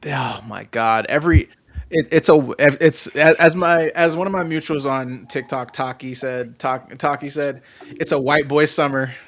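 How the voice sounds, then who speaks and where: A man's voice: medium pitch, unhurried. A man co-hosting a casual wrestling podcast, telling stories with lots of laughter and now and then singing a line. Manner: animated storyteller, laughs often, sings snatches of songs. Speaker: podcast co-host.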